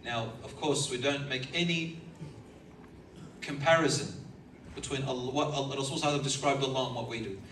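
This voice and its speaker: A man's voice: mid-range voice, fast talker, a little hiss or hum. Male preacher in an echoey hall. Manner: animated storyteller, chuckles between points. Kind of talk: sermon, storytelling. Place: lecture hall. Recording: echoey hall, mic from far off, faint ambience.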